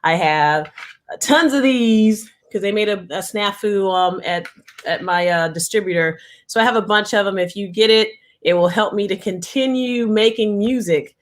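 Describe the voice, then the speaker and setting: A woman's voice: mid-range voice, normal speed. A woman singer-songwriter guest, chatting casually and hesitantly with plenty of fillers. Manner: relaxed, hesitant, full of fillers. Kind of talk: casual interview chat.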